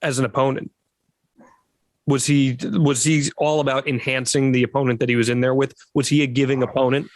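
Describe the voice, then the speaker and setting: A man co-hosting a podcast, asking steady follow-up questions in casual interview chat. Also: medium pitch, fairly quick, no room sound.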